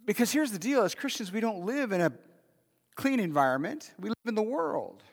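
Male pastor, high voice, sermon, conversational with rhetorical questions, long hall reverb. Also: big pitch swings, fairly quick.

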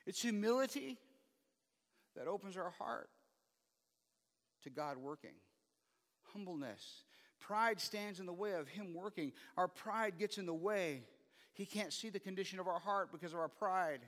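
A male pastor preaches a sermon in a high, fairly bright voice, speaking a little slowly with frequent pauses. He presses his congregation with many rhetorical questions, and the recording carries the long reverb of a hall.

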